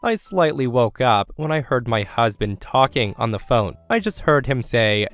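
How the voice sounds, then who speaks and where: A man narrating a scripted first-person story in a steady, even reading voice. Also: mid-range voice, moderate pace, hardly any pauses. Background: faint music.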